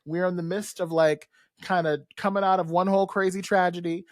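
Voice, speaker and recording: A podcast host giving a casual, animated and sassy recap full of slang and quick asides. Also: mid-range voice, no echo, clean studio sound. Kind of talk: casual recap of a cartoon episode.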